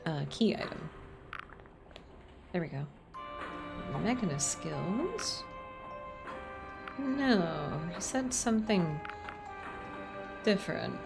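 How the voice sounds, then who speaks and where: Woman streamer, casual commentary, low-ish voice, faint game music behind. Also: sing-song, extremely slow, gravelly, pauses often. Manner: chatty, reads game text aloud, emotional asides.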